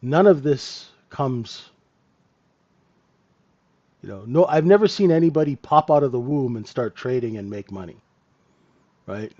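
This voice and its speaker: A man hosts a live trading room, discussing the market casually and conversationally, often checking in with listeners through repeated tag questions and chuckling asides. His medium-pitched voice is warm with lively intonation, a little slow with long pauses, and the audio sounds dull.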